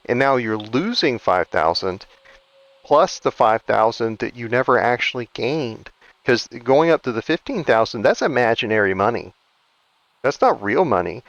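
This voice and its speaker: A man's voice: mid-range voice, fairly bright tone, no room sound, dull audio. A man giving casual, rambling commentary while playing a survival game, ranting with frequent restarts. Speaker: gaming video creator.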